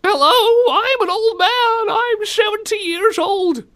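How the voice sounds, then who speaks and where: A man putting on a shrill, strained falsetto as a whiny, childish fake old man, mocking a game voice. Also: slow pace, fairly bright tone, full character voice.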